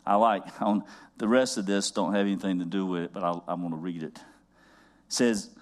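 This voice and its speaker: A man's voice: low-pitched, fairly even intonation, fairly quick. Guy preaching, repeats lines over and over, asks the crowd stuff, gets fired up. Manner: builds to loud fervent exhortation; rhythmic repetition, call-and-response questions. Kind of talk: sermon.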